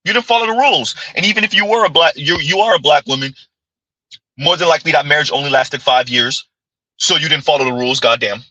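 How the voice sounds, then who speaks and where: A man's voice: fairly high pitch, fast talker, pushed and bright, no room sound, muffled recording. A man hosting a reaction commentary, brash and teasing, with punchy asides. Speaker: commentary host.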